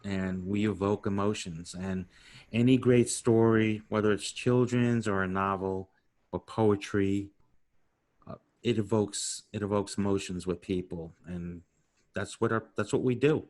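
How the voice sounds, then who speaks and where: A man's voice: fairly low pitch, fairly even intonation, a little slow, darkish tone. A man in his sixties with a New York accent hosting a podcast interview, chatting in a rambling way and laughing easily. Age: 60s. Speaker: podcast host. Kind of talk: casual interview chat.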